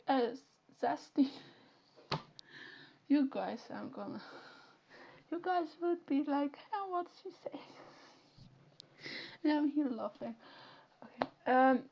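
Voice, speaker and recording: A young woman with a Flemish accent, chatting casually and animatedly on a live stream, often correcting herself mid-sentence. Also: sits high. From Flanders, Belgium. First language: Dutch (Flemish). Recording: lo-fi stream audio.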